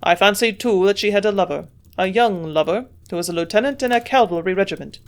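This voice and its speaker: A woman reading the part of a gruff, shrewd old German scientist in a storybook reading, speaking in a put-on German accent. His remarks come out blunt and grunting, pushed a little louder than the narration around them, with a middling pitch. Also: fast talker, close to an everyday voice.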